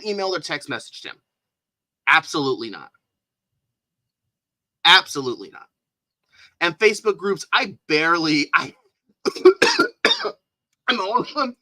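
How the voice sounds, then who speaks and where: Lively, bright-voiced streamer in disbelief. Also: medium pitch, unhurried, long pauses, no echo, low-quality recording. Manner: incredulous, laughing, animated. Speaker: livestreamer. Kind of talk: livestream reaction commentary.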